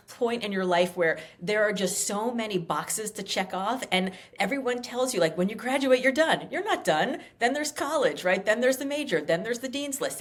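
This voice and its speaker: A woman in her fifties talking as an author guest in a casual interview, animated and emphatic, full of fillers and acted-out quotes. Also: fairly high pitch. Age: 50s.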